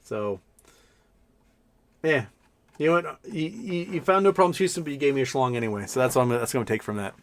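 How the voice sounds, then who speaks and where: Host, male, casual stream talk, sarcastic and rambling, middle pitch. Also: animated, brisk, pauses often. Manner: rambling, sarcastic, many restarts and mock voices. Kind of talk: casual live-stream commentary.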